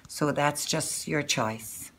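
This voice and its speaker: A Jamaican woman with a notably deep, low voice, chatty and instructive as she shows viewers how to make a wig. A faint hiss of noise sits under her voice. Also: slow pace, fairly bright tone. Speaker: hair vlogger. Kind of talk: casual wig-making tutorial.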